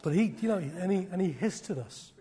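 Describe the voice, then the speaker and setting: A middle-aged man preaching a sermon, swinging from loud declarations to hushed, almost whispered lines. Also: sits high, expressive, fairly quick.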